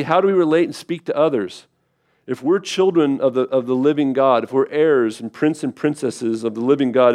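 Guy pastor preaching, chatty and down to earth, mid voice, slows up for scripture readings. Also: medium pitch, a little mellow. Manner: conversational preaching, asks the congregation questions; slows down to read scripture aloud. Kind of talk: sermon.

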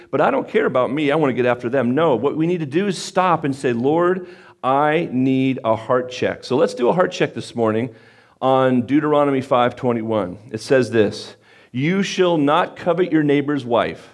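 A man's voice: medium pitch, expressive, moderate pace. Fired-up conversational male pastor. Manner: conversational, self-deprecating, gets fired up. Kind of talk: sermon.

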